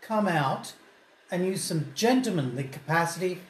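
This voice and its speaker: A man playing a tabletop role-playing game, speaking casually and putting on bold, threatening bluster in character. His voice sits a bit high. An echoey room with faint noise surrounds him. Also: animated, moderate pace. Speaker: player.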